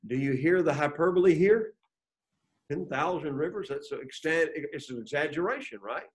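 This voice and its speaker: A man leads a Bible lesson in a classroom, his voice sitting somewhat high for a man. He reads scripture aloud with rising emphasis and keeps checking in with the class through questions. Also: lively intonation, normal speed, slightly rough. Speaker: Bible teacher.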